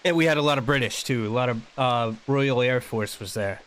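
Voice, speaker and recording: An American man talks casually while he plays a game, rambling from one thought to the next. He laughs often. His voice sits at a middle pitch. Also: brisk, a bit bright, a little hiss or hum. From United States. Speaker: streamer. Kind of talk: casual chat while gaming.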